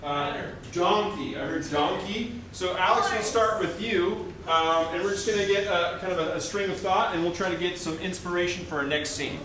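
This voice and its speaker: A man hosts a live improv comedy show and keeps restarting his sentences with fillers. His voice sits a bit high for a man. It comes through a very echoey room, picked up from a distance with noise behind it. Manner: halting, many fillers and restarts. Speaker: improv show host and performer. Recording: echoey room mic from far off.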